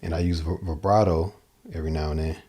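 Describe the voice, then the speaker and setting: A man's voice: very deep voice, fairly even intonation, fast talker, mellow, breathy edge. A man giving a casual livestream guitar lesson, thinking aloud and often repeating and restarting his phrases, with a guitar behind him. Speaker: guitar teacher. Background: guitar playing.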